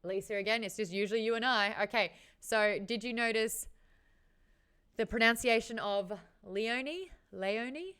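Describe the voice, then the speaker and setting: A woman's voice: on the high side, steady tone, normal speed, fairly bright tone, clean tone. A woman hosting a casual book discussion, chatting frankly with her live viewers and swearing now and then. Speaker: host of a book chat show.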